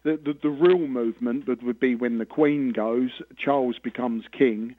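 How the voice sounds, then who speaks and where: A man's voice: mid-range voice, moderate pace, dry recording. South London man on a tinny phone line. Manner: chatty, digressive, explains at length. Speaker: phone-in caller from England. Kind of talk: casual chat.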